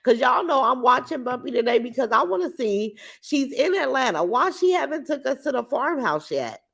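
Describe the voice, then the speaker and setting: This livestream host talks back to her chat from the couch in a loud-mouthed, bragging way, captured on her computer's microphone. Her high, sing-song voice is gravelly and a bit bright, at a normal speed.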